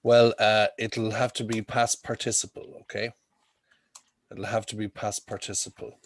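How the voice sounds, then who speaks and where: A man's voice: lowish voice, flat delivery, normal speed. A man teaching an English class over a video call, explaining with homely comparisons and checking in with frequent "okay?".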